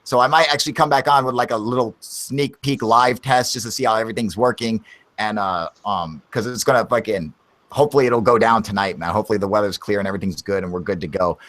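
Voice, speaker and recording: A man's voice: fairly low pitch, quick pace, a bit bright. A young man hosting a live stream, chatting casually with lots of swearing and "dude". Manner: profane, laid-back, says dude a lot. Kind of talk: casual chat.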